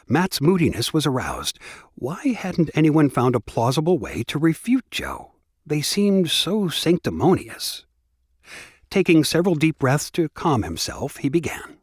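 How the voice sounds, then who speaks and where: A man narrating an audiobook in a measured, expressive storytelling manner, recorded close on a studio mic. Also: on the high side, slightly rough, dry recording. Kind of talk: scripted narration.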